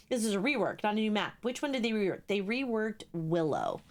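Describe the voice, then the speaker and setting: A young woman streaming a ghost-hunting game live, talking to her chat in an excitable, swearing, chatty way. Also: mid-range voice, brisk, hardly any pauses. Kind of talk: live gameplay commentary.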